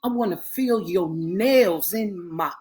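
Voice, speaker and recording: A woman's voice: on the low side, slow pace, darkish tone. A woman reading a romance audiobook, voicing a grown man lover who pleads and prays with heavy emotion. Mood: distraught. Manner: emotional, pleading, breaking into cries.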